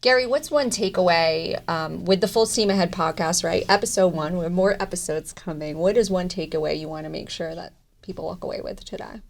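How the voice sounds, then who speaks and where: A woman's voice: on the low side, a little fast, vocal fry, hardly any pauses. A woman hosting a casual interview podcast, conversational and loose with her phrasing. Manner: conversational, trailing phrases with "you know". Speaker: podcast host.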